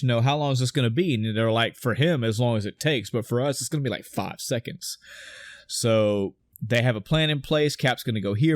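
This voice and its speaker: Male podcast co-host, mid pitch, animated play-by-play recap, dry close recording. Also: no echo. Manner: excited retelling with swearing and quoted dialogue. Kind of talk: casual film discussion.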